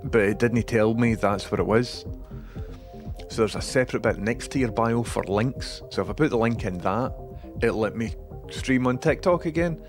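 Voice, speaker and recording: A man's voice: medium pitch, normal speed, music in the background. A Scottish man hosting a live stream, chatting casually with viewers, with dry asides and some swearing.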